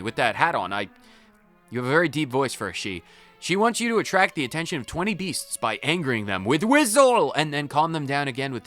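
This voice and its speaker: A man's voice: a little high, fairly bright tone. A man casually commentating a video game as he plays, joking and cutting himself off mid-sentence. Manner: jokey, self-interrupting, repeats words. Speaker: let's play host.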